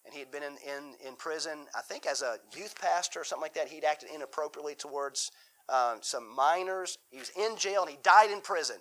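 A man's voice: fairly high pitch, a little fast, a bit bright, rough recording. A man leading a Bible study in a church room, talking in a folksy, conversational way, often restarting and repeating his words. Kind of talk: conversational sermon with Q&A.

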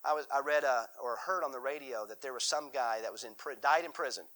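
In a church room, a man leads a Bible study as a conversational sermon with Q&A, speaking in a folksy way and often restarting and repeating himself. His medium-pitched, slightly bright voice moves quickly on a low-quality recording.

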